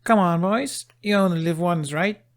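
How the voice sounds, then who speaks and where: A man's voice: mid-range voice, big pitch swings, unhurried, warm tone, pitched above the performer's own voice. A man voicing a bold, teasing young Viking woman who talks in a daring sing-song, in a fan audiobook reading.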